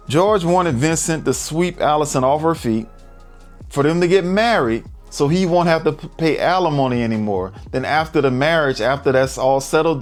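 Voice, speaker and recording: Animated man retelling a movie plot. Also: medium pitch. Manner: animated storytelling, acts out characters' lines in quick voices; casual slangy speech. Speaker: movie reviewer. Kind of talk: casual movie recap.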